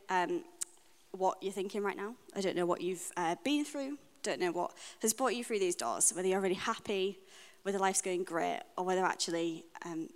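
Earnest woman preaching in a reverberant hall. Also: fairly low pitch. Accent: British English. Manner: earnest, personal, reflective with frequent pauses. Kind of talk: sermon. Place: church hall. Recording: long reverb of a church hall.

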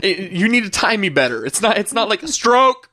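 A man in his thirties, a podcast co-host, telling a story in a casual, animated way and laughing often. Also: high voice, brisk.

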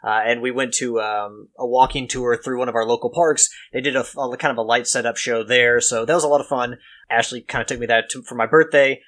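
A man co-hosting a podcast, talking in a relaxed, halting way with many fillers. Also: medium pitch. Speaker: podcast co-host. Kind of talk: casual podcast chat.

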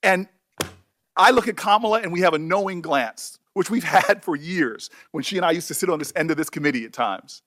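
A senator speaking emotionally at a hearing, halting and repeating his words. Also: a little high, a bit bright.

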